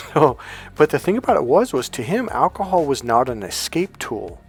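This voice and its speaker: A man's voice: medium pitch, very animated, moderate pace, husky. A man, a life coach, telling a story to his viewers in a rambling, chatty way full of fillers and restarts. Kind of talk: casual storytelling monologue to viewers.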